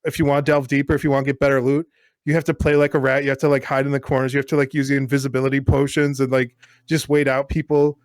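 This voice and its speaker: A man co-hosting a podcast in casual chat, rambling and animated with lots of fillers. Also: medium pitch, fast talker, no echo, clean studio sound. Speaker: podcast co-host.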